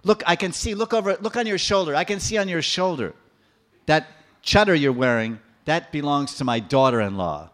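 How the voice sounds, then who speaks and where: A man voicing an old village woman who loudly accuses someone in front of her neighbours, in a shrill, shouting manner. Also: lively intonation, moderate pace. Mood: indignant.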